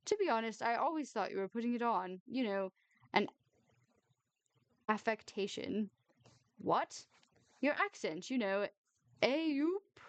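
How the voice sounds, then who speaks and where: A nosy, tactless gossip who gushes and pries, her voice pitched up high and emphatic, as a woman reader puts her on. The tone stays smooth and clear, close and dry, like a storybook reading. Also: no room sound. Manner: prying, gushing, high and emphatic.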